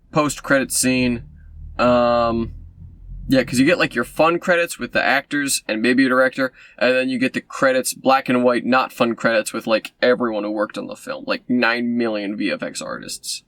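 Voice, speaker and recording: A man's voice: medium pitch, normal speed, a bit bright, dry recording. A man casually recapping a film he reviews, sarcastic and rambling with lots of fillers and asides. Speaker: movie reviewer.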